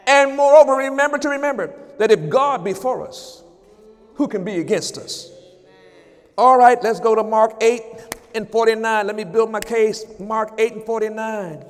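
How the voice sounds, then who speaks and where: A man preaching a sermon as pastor at an evening church service, rising into shouted praise and call-outs. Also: sits high, moderate pace, big-room sound.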